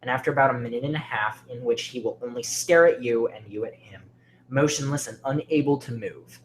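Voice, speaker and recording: A man narrating a creepy horror story with dramatic delivery, often sinking to a hushed near-whisper. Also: mid-range voice, brisk, a little hiss or hum.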